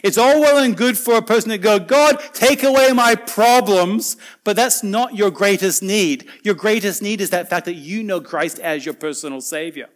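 A man preaching a sermon, earnest and conversational, swinging between loud emphatic lines and quiet soft asides. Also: high-pitched, moderate pace, hardly any pauses.

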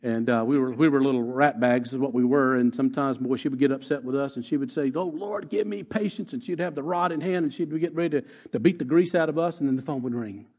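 A man preaching a sermon as pastor, emphatic, slowing down to repeat his key lines. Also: mid-range voice, darkish tone.

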